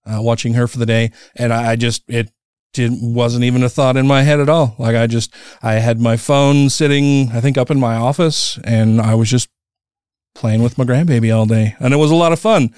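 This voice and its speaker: Smooth-voiced middle-aged male podcast host. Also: mid-range voice, fairly even intonation, normal speed, a little mellow, no echo, studio quality. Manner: laid-back, laughs often, swears casually. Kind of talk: casual podcast chat.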